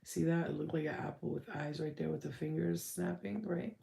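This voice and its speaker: A woman's voice: low voice, fairly even intonation, fairly quick, creaky, warm tone, reverberant, a little hiss or hum. A woman giving a casual channeled spirit reading, rambling and blunt, swearing freely.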